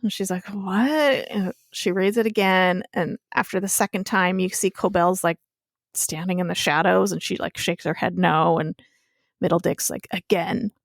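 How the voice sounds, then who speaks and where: In a lowish, creaky voice with a level tone and normal speed, a young podcast co-host chats casually through a TV episode recap, swearing often. The recording is dry and of studio quality.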